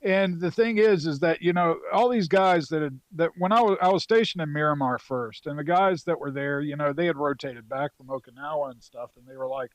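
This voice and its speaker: A man's voice: fairly high pitch, fairly quick, hardly any pauses, no echo. A man around forty from North Carolina, a Marine veteran guest telling stories in a loose, profane way with lots of fillers. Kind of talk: casual storytelling.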